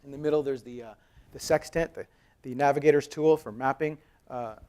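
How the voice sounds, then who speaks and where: A man's voice: mid-range voice, fairly quick. A man in his thirties from Canada giving a conversational, storytelling keynote talk at a conference as a company co-founder. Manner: lively, conversational, acts out dialogue with raised voice. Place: conference hall.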